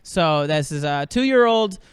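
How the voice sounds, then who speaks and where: Male stand-up comic, high smooth voice, rambling delivery, dry close studio sound. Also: expressive, slow, dry recording. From American South. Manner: rambling, laughs at own jokes. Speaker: stand-up comedian. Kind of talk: stand-up comedy set. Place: small streaming studio.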